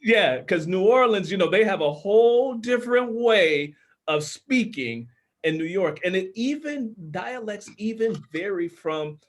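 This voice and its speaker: A man's voice: high-pitched, lively intonation, measured pace. A man from Minnesota, an author and audiobook narrator, explaining his craft earnestly in casual panel chat, with a tenor voice and many restarts.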